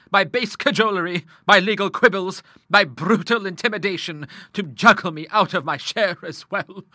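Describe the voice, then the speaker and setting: Man voicing a stern older woman, severe, scornful, high, very bright, dry close sound. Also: no room sound. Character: stern, grim middle-aged woman, bitter widow.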